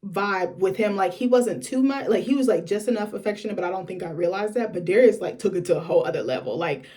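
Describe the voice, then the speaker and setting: A young woman vlogging in a chatty, candid way. She talks fast and fills her sentences with casual fillers as she tells her story. Her voice sits at a mid pitch. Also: expressive, warm tone. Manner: chatty, frequent filler words. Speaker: vlogger host.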